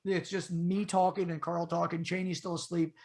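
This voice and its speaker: A middle-aged man telling a story in a casual podcast chat, his voice jumping up and getting loud whenever he quotes himself. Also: high voice, moderate pace. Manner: animated storyteller, voice rises sharply when quoting himself. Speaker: podcast co-host.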